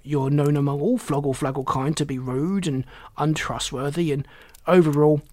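A man voicing a rude, pompous male frog alien in a storybook reading, slow and sneering. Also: fairly high pitch, fairly even intonation, a little mellow, close to an everyday voice. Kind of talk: storybook character voice.

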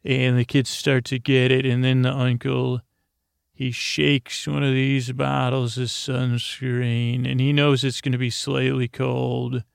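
A man's voice: mid-range voice, level tone, creaky, smooth, no echo, clean studio sound. A man narrating a rambling bedtime story, meandering and full of restarts. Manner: meandering, slow, with restarts and fillers. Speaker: podcast host.

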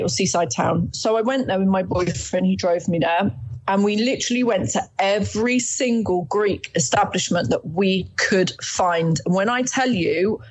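A woman's voice: mid-range voice, low-quality recording. A woman casually telling a long personal story as an interview guest, chatty and acting out the people she quotes. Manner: chatty, many restarts, acts out quoted voices.

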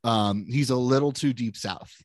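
A man's voice: medium pitch, moderate pace, a little mellow, no echo. A man co-hosting a casual film podcast, laying out confident, analytical opinions. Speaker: podcast co-host.

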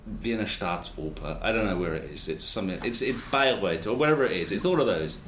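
Host: man, lowish voice, chatty and digressive, echoey room with light hiss. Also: animated, a little fast, fairly bright tone. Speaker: interviewer, podcast host. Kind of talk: conversational interview. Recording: roomy echo with faint noise.

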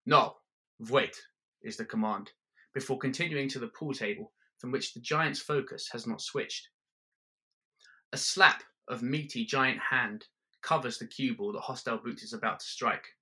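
A man telling a comic story in the second person, with deadpan, wry narration. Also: medium pitch, moderate pace.

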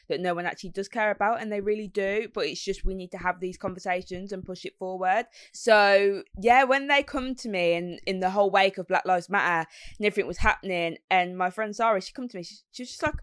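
A woman's voice: medium pitch, no room sound, studio quality. A young woman in her twenties from Birmingham with a Brummie accent and a slight lisp, chatting animatedly as a radio presenter. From Birmingham, England. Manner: animated, quick, many "like"s. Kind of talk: casual chat.

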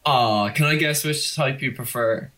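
A man's voice: medium pitch, a little slow, a bit bright. A man co-hosting a podcast, chatting casually and telling jokes. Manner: jokey, chatty storyteller. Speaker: podcast co-host.

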